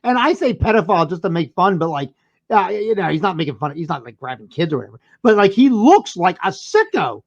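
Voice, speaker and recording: A podcast co-host rambles through a casual movie review, swearing freely and restarting sentences. The voice is very lively and swoops up and down in pitch. The audio sounds dull and lo-fi. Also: quick pace.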